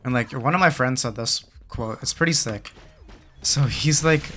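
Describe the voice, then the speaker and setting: Young male gamer, mid pitch, laid-back slangy chat with faint music underneath. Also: moderate pace, pushed and bright. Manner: slangy storytelling with many fillers; muttering game commentary. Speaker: gaming channel host. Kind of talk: casual chat while playing a game.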